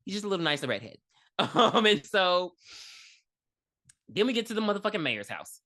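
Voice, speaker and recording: Podcast co-host, female, lively bright voice, swears freely, acts out scenes as she recaps them. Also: mid-range voice, brisk. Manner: profane, animated, acts out characters in her retelling. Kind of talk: casual movie recap chat.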